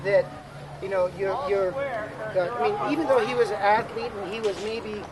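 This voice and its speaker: A middle-aged man speaking at a memorial for an old friend, in a halting way with many restarts and fillers. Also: sits high, over a noisy crowd, rough recording. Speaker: friend giving a eulogy. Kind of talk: memorial tribute speech. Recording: loud outdoor urban background noise.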